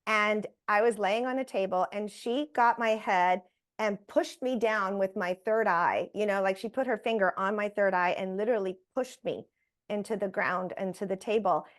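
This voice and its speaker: A woman, a guest on an interview show, telling a personal story in a lively way and acting out the voices she quotes. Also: mid-range voice, moderate pace. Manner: animated, acts out quoted voices.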